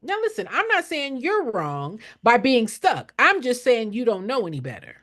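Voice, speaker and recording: A woman's voice: fairly high pitch, wildly swooping pitch, normal speed, a bit bright. An older woman, a nonprofit consultant, giving blunt, preachy motivational teaching to camera and repeating lines for emphasis.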